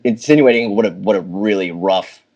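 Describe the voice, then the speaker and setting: A man, a film director, talking in a rambling, halting way with many restarts. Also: lowish voice, darkish tone, slightly rough, dull audio. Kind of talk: casual conversation.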